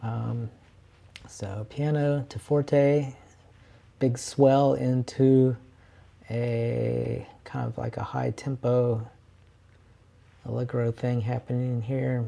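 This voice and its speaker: A man's voice: medium pitch, flat delivery, very slow, creaky, pauses often, dark tone. A man, a composer, explaining orchestration casually in a screen-share lesson, thinking aloud with fillers and restarts.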